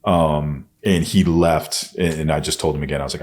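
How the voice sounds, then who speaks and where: A man being interviewed on a podcast, telling a personal story in a blunt, profane way. He often swears and goes soft and hushed when he quotes himself. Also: extremely low pitch, moderate pace. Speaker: podcast guest.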